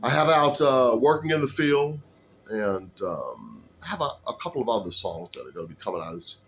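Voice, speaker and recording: A man chatting loosely to a camera mic, his pitch jumping all over as he rambles between impressions. It has the easy, unscripted feel of a practice vlog. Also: fairly quick, slight background noise. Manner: rambling, loose, lively delivery. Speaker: aspiring comedian and musician. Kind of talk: casual vlog, practicing voices.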